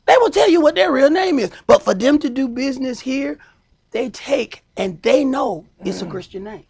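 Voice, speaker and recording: Man, priest, sermon, emphatic, high voice, gravelly. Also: animated. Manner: emphatic preaching, slows and shouts for stress.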